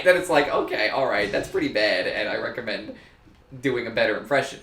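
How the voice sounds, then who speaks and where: A man's voice: lowish voice, expressive, a little fast, a bit bright. Rambling young man in an echoey room. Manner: rambling, goofy, swears a lot. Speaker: let's play host. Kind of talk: casual gaming chat. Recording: roomy echo with faint ambient noise.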